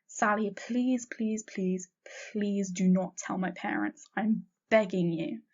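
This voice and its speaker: A woman's voice: medium pitch, takes it slowly, a little mellow. A woman voicing a sassy teenage girl who begs and pleads eagerly, in a dull lo-fi recording. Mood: begging.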